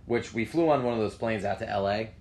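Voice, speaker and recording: A man's voice: on the low side, fast, darkish tone. Profane rambling man telling stories. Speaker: podcast co-host. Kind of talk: casual chat.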